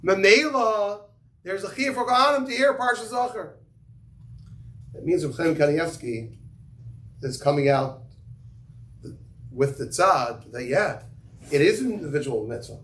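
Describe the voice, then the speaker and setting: A man's voice: on the high side, lively intonation, a little slow, pauses often, fairly bright tone. Man teaching a casual Torah class. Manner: storytelling, many fillers, Yiddish and Hebrew terms. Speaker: yeshiva teacher giving a class. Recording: echoey room, faint ambient noise.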